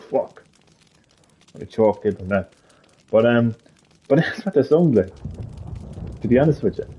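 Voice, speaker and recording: A man's voice: medium pitch, animated, normal speed, pauses often, lo-fi sound, a little hiss or hum. A man live streaming a heated gaming rant, swearing a lot and repeating his points with emphasis.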